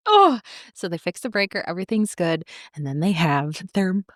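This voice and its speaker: A woman co-hosts a podcast in easy, giggly chat, laughing often. Her pitch swings widely and lively through each line. The recording is close and dry. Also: a little fast, dry recording. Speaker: podcast co-host. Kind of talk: casual chat about a TV show.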